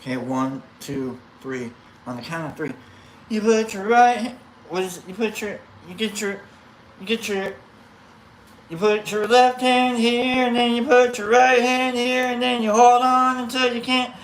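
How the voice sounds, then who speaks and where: With a mid-range voice, a steady tone and a measured pace, a livestream host casually goes through viewer comments and says hello to people by name. The talk rambles playfully, packed with fillers and restarts. A little hiss or hum runs under the rough recording.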